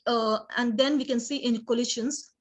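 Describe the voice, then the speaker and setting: A woman preaching an informal sermon in a halting, earnest way, with frequent restarts and "you know". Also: on the high side, fairly even intonation.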